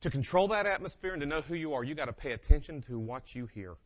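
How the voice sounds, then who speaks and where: A man giving a humorous motivational keynote, telling stories with animated delivery and acting out quotes, on a dull lo-fi recording. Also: a little high, fast talker. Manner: animated, acts out quotes and impressions.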